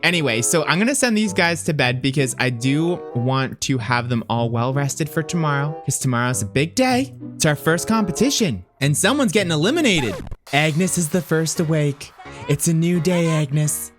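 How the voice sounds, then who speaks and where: A man's voice: on the high side, animated, moderate pace, music in the background. A man giving casual, playful commentary over a life-sim game, teasing the characters and exclaiming often. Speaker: gameplay commentator.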